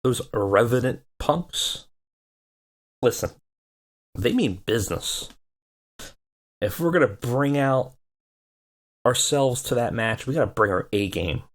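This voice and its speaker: A man's voice: medium pitch, lively intonation, slow, pauses often. A man voicing a pushy male wrestling gang leader in a game let's play, pleading and urgent, always starting with "listen".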